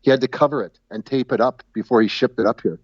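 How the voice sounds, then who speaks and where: Halting man on a dull call line. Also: mid-range voice, husky, no echo. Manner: halting, repeats words, chuckles at own jokes. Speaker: guest caller. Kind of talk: casual chat. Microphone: video call.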